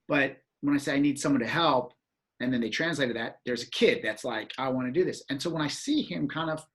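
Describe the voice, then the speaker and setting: A man telling a story in casual chat, animated and acting out reactions with exclamations. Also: mid-range voice.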